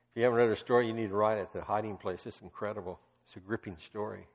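A man's voice: on the low side, fairly even intonation, fairly quick. Man preaching in an echoing hall. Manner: emphatic storytelling, with rising passionate bursts. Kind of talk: sermon. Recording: long reverb of a large hall.

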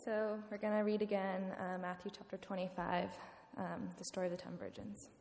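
A woman reads a passage of scripture aloud at an even, steady pace, stumbling now and then. Her voice sits at a middle pitch. It rings with the long echo of a church hall. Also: fairly quick, creaky, few pauses, slight background noise. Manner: steady reading with small slips. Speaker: scripture reader. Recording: echoey hall.

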